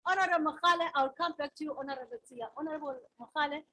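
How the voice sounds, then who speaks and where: A woman's voice: high voice, rapid-fire, sharp tone, low-quality recording. A woman chairing a heated parliamentary debate, firmly calling members to order.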